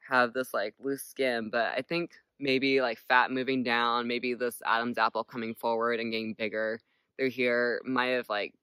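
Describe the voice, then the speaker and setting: A man in his late twenties chats to camera in a casual, hesitant way, leaning on "like" and "um". His voice is bright and smooth, and the sound is dry and close. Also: medium pitch, no room sound. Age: late 20s. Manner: hesitant, many "like" fillers. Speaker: vlogger.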